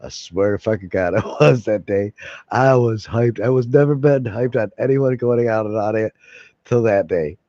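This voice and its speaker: A man's voice: on the low side, normal speed, dark tone, no room sound. A man rambling casually to his viewers, swearing freely and chuckling between thoughts. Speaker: vlogger. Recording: dull lo-fi sound.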